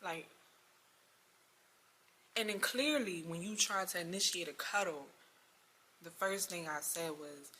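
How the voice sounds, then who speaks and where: A young woman telling an exasperated story about a bad date in a storytime vlog, lively and full of slang. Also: fairly low pitch, unhurried, pauses often, a little hiss or hum. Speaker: vlogger.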